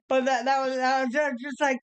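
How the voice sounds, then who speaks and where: A woman's voice: high voice, normal speed, over a noisy crowd. A woman running a tabletop game as game master, narrating with many fillers and hesitations.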